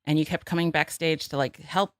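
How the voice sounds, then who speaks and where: Bubbly podcast host woman, lowish voice. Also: a little fast, no room sound, clean studio sound. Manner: bubbly, laughs often, animated. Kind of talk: casual chat. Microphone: studio microphone.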